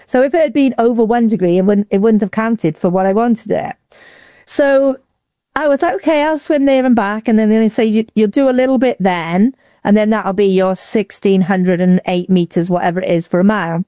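Woman from Wales, chatty storyteller, mellow tone, dry close sound. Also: moderate pace, dry recording. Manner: lively, acts out quotes with big pitch jumps. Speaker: interview guest. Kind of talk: casual storytelling.

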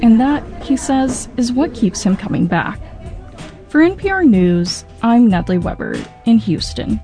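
A woman reporter narrating a radio news story in a lively way. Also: a little high, unhurried. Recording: report with music in the background.

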